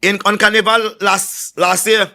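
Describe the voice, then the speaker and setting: A man with a Trinidad and Tobago accent giving a political rally speech, telling boastful stories in a forceful way and often stumbling over his words before starting again. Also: high voice, level tone, measured pace, gravelly. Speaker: political candidate.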